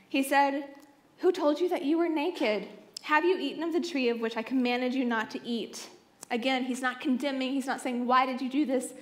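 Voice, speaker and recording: Woman, young adult, high voice, sermon, expressive storytelling, playful asides, soft hushed moments. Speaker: youth conference speaker. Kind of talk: sermon, Bible teaching. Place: conference stage.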